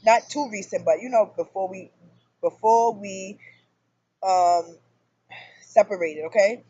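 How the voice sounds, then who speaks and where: A woman in her thirties talking casually to camera about her relationship, in an animated storytelling manner that jumps up loud for emphasis. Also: medium pitch, takes it slowly, slightly rough, no echo, dull audio. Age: 30s. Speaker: spiritual vlogger. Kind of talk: casual personal monologue.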